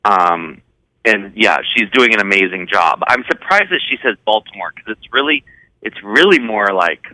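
A man's voice: lowish voice, animated, moderate pace, pushed and bright, dry recording, poor audio. A man from the Eastern Shore of Maryland, speaking, chatting as a podcast guest in a rambling way, full of "um" and "you know.". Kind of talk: casual conversational chat.

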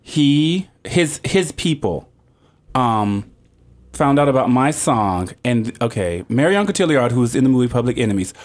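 A man telling a long anecdote as a podcast guest, jumping in pitch when he quotes people. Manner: animated, quick pitch jumps when quoting people. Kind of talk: casual storytelling.

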